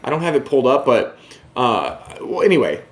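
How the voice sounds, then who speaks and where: A man's voice: medium pitch, sing-song, a little fast. A man giving casual market commentary to camera, brash and emphatic, often mocking his viewers.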